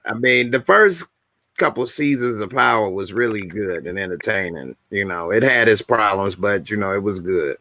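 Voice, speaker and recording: Gravelly man hosting a casual chat. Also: on the low side, normal speed. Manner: relaxed, loose slang. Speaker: show host.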